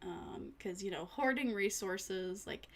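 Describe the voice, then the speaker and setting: A woman's voice: mid-range voice, slow. A tired woman streaming casually, rambling to herself and her chat with little laughs. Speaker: vtuber streamer.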